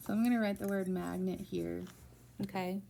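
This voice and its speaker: Woman tutoring phonics, patient and encouraging, a bit gravelly, faint hiss behind. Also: mid-range voice, steady tone, moderate pace, mellow. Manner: patient, encouraging, step-by-step prompting. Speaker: reading teacher.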